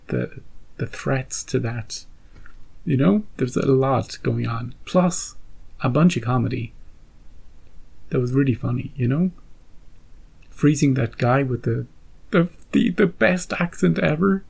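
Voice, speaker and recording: A man's voice: medium pitch, vocal fry, a little mellow, breathy edge, rough recording. A man hosting a reaction channel, chatting casually to his viewers in a rambling way and often repeating himself. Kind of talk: casual chat to camera.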